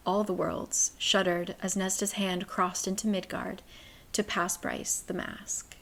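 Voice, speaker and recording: A woman's voice: medium pitch, little pitch movement, measured pace, gravelly, a bit bright. A woman casually recapping a novel in a chatty, profane way, full of filler "like"s. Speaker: book recap narrator.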